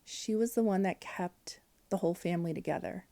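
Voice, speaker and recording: Mellow-voiced woman telling a family story. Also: fairly low pitch, fairly quick, gravelly. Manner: candid, emotional, with frequent fillers and quoted dialogue. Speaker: podcast guest. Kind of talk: personal storytelling in conversation.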